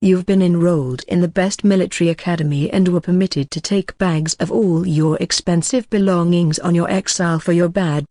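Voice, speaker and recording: A narrator reading the part of a proud, quick-tempered young heir who sneers at his brother, in a level storybook voice. The sound is dry and close, with no room around it, and the pitch sits in a middle range. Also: a little mellow, no room sound, lightly acted. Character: arrogant, hot-tempered young male heir.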